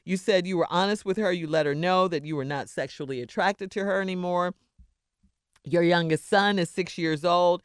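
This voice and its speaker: A woman's voice: fairly low pitch, normal speed, clean tone, no room sound, clean studio sound. A woman co-hosting a radio show, summarizing a listener's letter and giving frank, matter-of-fact advice.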